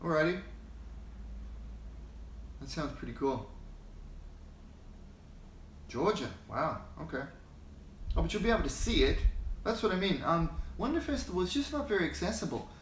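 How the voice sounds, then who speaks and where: A man's voice: on the high side, big pitch swings, normal speed, pauses often, echoey room, a little hiss or hum. An Australian man hosting a casual livestream, rambling and chuckling as he greets viewers by name, talking into a phone held in his hand. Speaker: hobby channel host.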